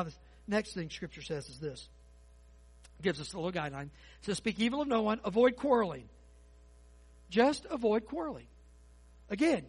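Male pastor, high husky tenor, folksy animated sermon delivery. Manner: folksy, animated preaching with quick asides. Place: church sanctuary.

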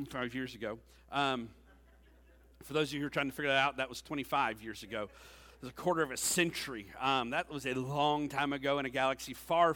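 A man's voice: mid-range voice, sharp tone. A man in his forties, a youth pastor giving a conversational sermon with joking asides to the congregation. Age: 40s. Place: church sanctuary. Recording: long reverb of a church hall.

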